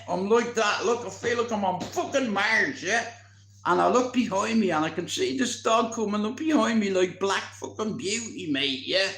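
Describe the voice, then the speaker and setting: A man, telling a story in casual, animated chat, swearing constantly. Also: high-pitched, vocal fry, reverberant. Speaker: vlogger.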